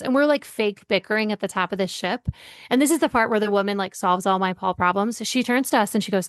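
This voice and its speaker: A middle-aged woman coaching on leadership tells her stories with energy, slipping into the voices of the people she quotes. Her voice sits at an ordinary middle pitch. She talks like a podcast guest in easy conversation. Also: fast talker. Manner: animated storyteller, acts out quoted voices. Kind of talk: storytelling in a podcast interview.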